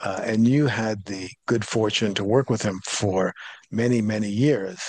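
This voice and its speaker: A man with a Rhode Island accent hosts an interview, speaking earnestly and with admiration. His voice is fairly low. The recording is dry and close, with no room sound. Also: steady tone, unhurried, darkish tone, no echo. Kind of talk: interview conversation.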